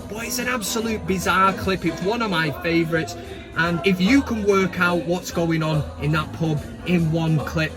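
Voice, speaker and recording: Bloke doing his fan show bit, fairly high voice, cheeky and sweary, bit of music faint behind. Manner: cheeky, profane banter with asides. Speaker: fan channel host. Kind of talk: casual football fan show segment.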